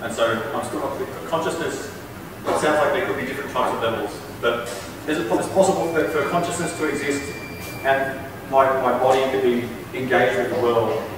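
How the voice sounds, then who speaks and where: A man's voice: medium pitch, lively intonation, fairly quick. A man from the audience asking a question hesitantly, restarting his words as he goes. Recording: far-off, echoey hall with ambient noise.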